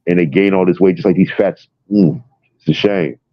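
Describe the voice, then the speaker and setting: A man's voice: low voice, fairly even intonation, normal speed, no room sound. A man in casual chat, talking bluntly and emphatically with a lot of swearing. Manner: blunt, profane, emphatic storytelling. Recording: dull lo-fi audio.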